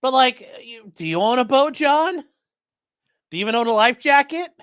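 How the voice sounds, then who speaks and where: A man's voice: very high-pitched, lively intonation, normal speed, fairly bright tone, smooth. A man hosting a livestream, commenting on court filings in a mocking, profane way. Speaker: livestream host. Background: live chat stream.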